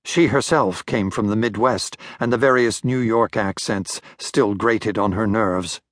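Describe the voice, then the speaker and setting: Older male audiobook narrator, measured and wry, dry booth sound. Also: on the low side, no room sound. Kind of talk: scripted narration.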